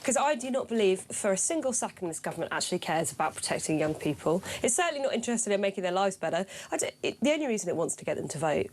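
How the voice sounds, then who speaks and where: Woman, radio co-host, opinionated, indignant, quick delivery, expressive pitch. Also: a little hiss or hum. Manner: forthright, indignant, argumentative.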